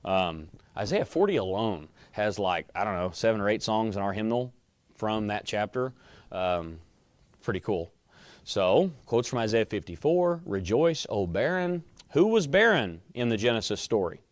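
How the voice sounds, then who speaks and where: A man's voice: fairly low pitch, sing-song, moderate pace, no room sound. A man teaching a Bible class in a conversational way, often quizzing his students.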